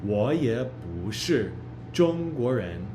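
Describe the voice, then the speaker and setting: A man teaching a recorded pre-class lesson, modelling each phrase slowly and repeating it for learners. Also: mid-range voice, big pitch swings, dark tone, soft background music. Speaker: language teacher. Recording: roomy echo.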